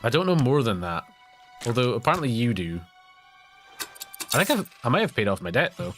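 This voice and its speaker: A man's voice: medium pitch, very animated, a little fast, fairly bright tone, faint music behind. A Scottish man streaming a game live, telling rambling, chatty stories with frequent laughs. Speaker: gaming streamer. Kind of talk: live let's-play commentary.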